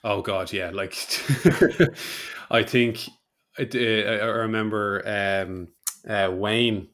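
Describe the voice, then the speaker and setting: A man's voice: lowish voice, fairly even intonation, drawn-out words, a bit bright. A man hosting a podcast, easygoing and musing aloud in casual conversation. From Ireland. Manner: easygoing, lots of fillers and restarts when musing. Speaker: podcast host. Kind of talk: conversational interview.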